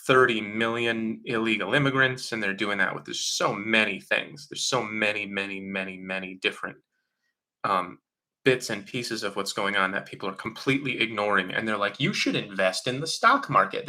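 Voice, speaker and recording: A man hosts a live question-and-answer stream, answering chat questions casually and with strong opinions, often mocking other people in quotes and using frequent fillers. His voice is on the low side, brisk, bright, and forceful.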